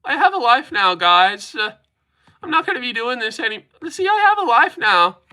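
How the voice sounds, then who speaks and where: A man putting on a high, whiny impression of a young male YouTuber. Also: sing-song, normal speed, sharp tone, full character voice.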